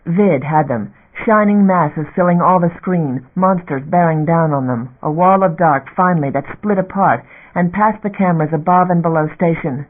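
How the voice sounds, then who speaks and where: Male audiobook narrator, fairly high voice, steady dramatic read, phone-like narrow recording. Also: moderate pace.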